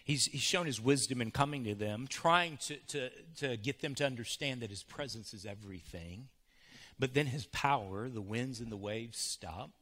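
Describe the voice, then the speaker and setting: A male pastor preaching a sermon in a church, shifting from hushed to loud. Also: medium pitch, normal speed.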